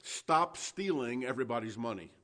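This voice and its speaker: A man preaching acts out a thundering, blunt male prophet, bellowing slowly and forcefully inside a sermon. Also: mid-range voice, animated. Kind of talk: acted quote in a sermon.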